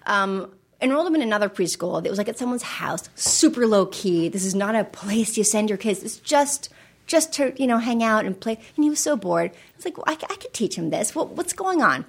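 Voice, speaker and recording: A woman's voice: medium pitch, a little fast, vocal fry. A woman guest on a podcast, an actress and author, chatting casually and acting out the voices in her stories. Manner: animated, acts out voices in anecdotes. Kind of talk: casual storytelling chat.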